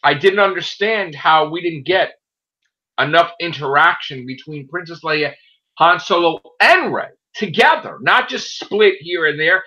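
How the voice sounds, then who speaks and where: A man talks in a loose, casual chat and rants with plenty of swearing. His pitch leaps up and down as he gets worked up. His tone is bright and forceful. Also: unhurried, lo-fi sound. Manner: animated, profane ranting. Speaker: podcast host.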